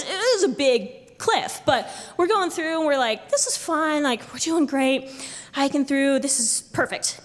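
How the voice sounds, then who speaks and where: A young woman tells a true story on a live stage, her high, bright voice leaping up and down as she acts out the quotes. She laughs often and keeps the telling animated. The sound rings with the long reverb of a hall.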